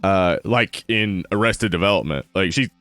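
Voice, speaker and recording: A man's voice: sits low, normal speed, a bit bright, dry recording, soft background music. A man co-hosting a podcast in casual chat, laid-back and rambling, with lots of fillers and easy laughter. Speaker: podcast co-host.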